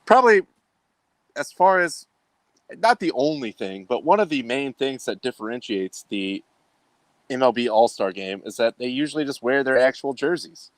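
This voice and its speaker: A man's voice: medium pitch, lively intonation, normal speed, dry recording. A man hosting a casual sports talk show, speaking in a rambling way with many fillers. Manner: rambling, filler-heavy delivery.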